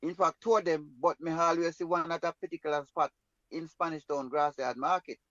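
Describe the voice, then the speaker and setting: High-voiced Jamaican man telling a story. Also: fairly even intonation, a little fast, a bit bright, dry recording, muffled recording. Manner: rambling, emphatic, in patois. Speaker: guest storyteller. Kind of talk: personal story in an interview.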